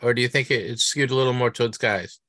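A middle-aged man with a Boston accent hosts a casual interview. He asks questions in a halting, chatty way and often restarts his sentences. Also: mid-range voice, pushed and bright, no echo. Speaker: podcast host.

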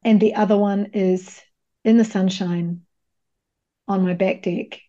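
A woman with a New Zealand accent talks candidly and expressively as a podcast guest over a video call, casually dropping the odd swear word. Her voice is mellow and relaxed. The call audio sounds a little dull and lo-fi. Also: medium pitch, a little slow. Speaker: guest, coach and facilitator.

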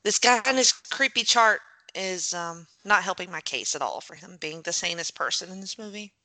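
A woman co-hosts a casual movie watch-along podcast. Her voice is bright and forceful. She reacts quickly and playfully, and the sound is dry and close. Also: on the low side, lively intonation, dry recording. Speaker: podcast co-host.

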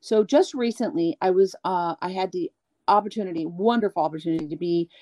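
A woman being interviewed as a guest singer, talking candidly and at length, animated, acting out the people she quotes. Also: lowish voice, brisk, dry recording. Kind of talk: candid storytelling chat.

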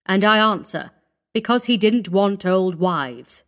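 A woman's voice: medium pitch, animated, slow, fairly bright tone. A woman voicing a cool, sneering young male doctor with a dismissive, worldly manner.

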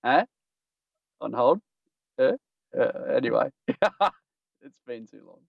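Joking through a casual podcast news roundup and laughing at his own gags, this host speaks slowly in an animated, creaky voice of medium pitch. The audio is dull, dry and lo-fi, without echo.

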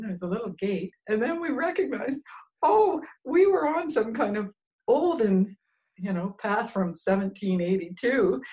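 Woman, mid pitch, animated, hesitant, casual recollection. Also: rough recording. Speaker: guest.

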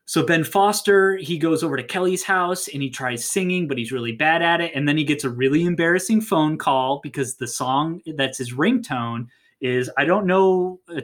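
Chatty storyteller walking through a plot, animated, keeps fixing names. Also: mid-range voice. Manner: animated, jumps into voices, self-correcting. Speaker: storyteller pitching a script. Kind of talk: casual comic retelling.

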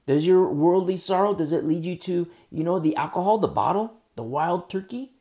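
A man's voice: high-pitched, animated, normal speed, mellow. A man preaching a sermon as pastor, building through emphatic rhetorical questions.

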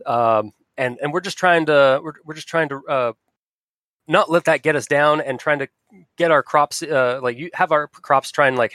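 A man voicing a farmer in his fifties with a Southern Ohio accent, talking in a halting, hesitant way. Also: medium pitch, fairly bright tone, no echo, clean studio sound, natural voice. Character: fifties male farmer, cautious, folksy.

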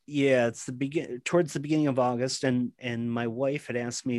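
A man's voice: medium pitch, little pitch movement, a little fast, hardly any pauses, darkish tone, no echo, studio quality. A man chatting as a podcast guest, telling long, rambling stories full of fillers and restarts. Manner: rambling storytelling, many fillers. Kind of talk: casual chat.

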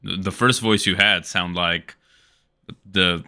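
Man, podcast co-host, low voice, very sharp bright tone, teasing banter. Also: flat delivery, measured pace, clear, resonant tone. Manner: teasing, playful. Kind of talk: casual chat.

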